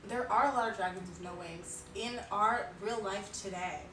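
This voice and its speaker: A woman's voice: mid-range voice, normal speed, a bit bright, far from the mic. A young woman chatting casually on a live stream, rambling and giggling with lots of filler words. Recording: roomy, off-mic, music behind.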